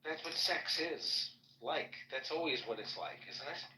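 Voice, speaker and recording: A man's voice: fairly high pitch, unhurried, pushed and bright. Teasing man in an echoey room. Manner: teasing and joking. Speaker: podcast co-host. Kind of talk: casual chat.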